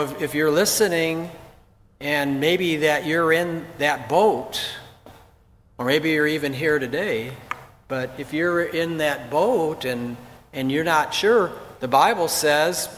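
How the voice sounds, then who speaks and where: A man's voice: on the high side, a bit bright. A male pastor preaching a sermon in a church, telling stories in a conversational, folksy way. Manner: conversational storytelling, folksy asides. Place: church sanctuary. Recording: long reverb of a church hall.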